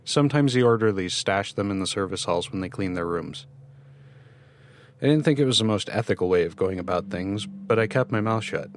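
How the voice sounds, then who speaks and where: A man reading a first-person horror story in measured scripted narration. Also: lowish voice, expressive, a little hiss or hum.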